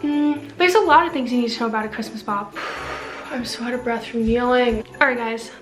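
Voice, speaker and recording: A woman's voice: sits high, a bit bright, reverberant, poor audio. A young woman chatting in a casual vlog, bubbly and self-mocking, rambling with lots of fillers and sleepless late at night. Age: young adult. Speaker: vlogger. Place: bedroom, then a room with a piano.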